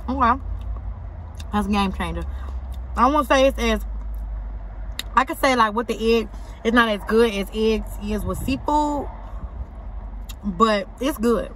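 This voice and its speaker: A young woman talks straight to her camera from inside a parked car, her voice bright and forceful with a fairly high pitch. She speaks in slangy, emphatic bursts and repeats lines for punch. Faint street and traffic noise sits behind her. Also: measured pace, long pauses. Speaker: vlogger. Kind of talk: casual eating vlog talk to camera. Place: inside a parked car outside an auto shop.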